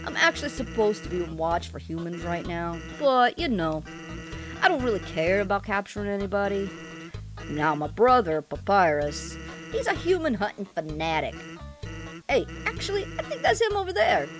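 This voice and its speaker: A woman doing a lazy low-key skeleton. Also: sing-song, moderate pace, over music, lightly acted. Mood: laid-back. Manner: low, quiet, lazy drawl. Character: lazy laid-back male skeleton joker.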